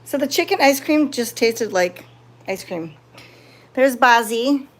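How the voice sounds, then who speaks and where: A woman live-streaming from a cat sanctuary, chatting casually with viewers and cooing softly at the cats. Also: fairly high pitch, expressive, takes it slowly. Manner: soft-spoken, cooing baby talk to cats. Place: indoor cat room at a sanctuary.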